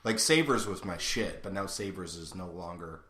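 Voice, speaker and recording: Young man rambling in a bright, roomy room. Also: low-pitched, moderate pace. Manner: rambling storyteller, heavy filler words. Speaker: podcast co-host. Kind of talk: casual podcast chat. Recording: roomy echo.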